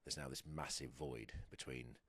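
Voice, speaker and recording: Super deep english guy, husky, rambly chat w lots of ums, dry sound. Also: steady tone, normal speed, fairly bright tone, no echo. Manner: rambling, hesitant, many restarts and fillers. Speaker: guest, professional rugby player. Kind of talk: casual podcast chat.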